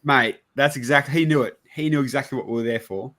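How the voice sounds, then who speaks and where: A man's voice: mid-range voice, quick pace. A man with an Australian accent, chatting casually and telling a rambling story, acting out other people's lines and swearing loosely. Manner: rambling, animated, swears casually, acts out dialogue. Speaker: podcast host.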